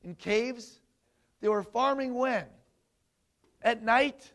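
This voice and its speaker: A man delivers an energetic sermon, his voice pitched notably high for a man. He tosses questions out to his listeners and drives his points home with emphasis. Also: measured pace, pauses often. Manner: animated, asks the audience questions. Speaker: preacher. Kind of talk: sermon to a congregation.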